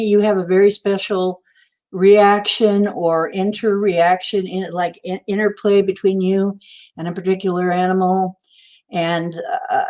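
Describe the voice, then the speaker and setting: A woman's voice: on the low side, a little mellow. A middle-aged woman hosting a livestream who talks casually and rambles through stories and viewer questions. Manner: rambling, storytelling, answers chat viewers. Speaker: livestream host. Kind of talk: casual spiritual talk on a livestream.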